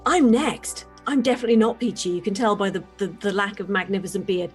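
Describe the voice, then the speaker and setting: A woman's voice: medium pitch, racing, soft background music. A woman introducing her character on a role-play stream, cheeky and self-mocking, swearing casually. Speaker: player. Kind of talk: casual chat among players.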